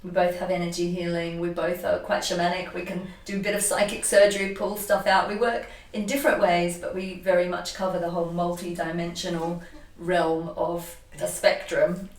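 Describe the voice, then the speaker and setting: A woman energy healer telling a personal story in an animated, emotional way, often restarting her sentences. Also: fairly low pitch, normal speed, hardly any pauses. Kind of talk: casual conversation, personal storytelling. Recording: echoey room, voice from a distance.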